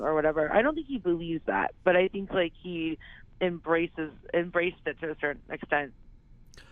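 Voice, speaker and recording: A woman's voice: low-pitched, animated, moderate pace, no room sound. A woman being interviewed who rambles casually, filling her talk with "like" and "you know". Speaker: actress, interview guest. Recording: tinny phone line.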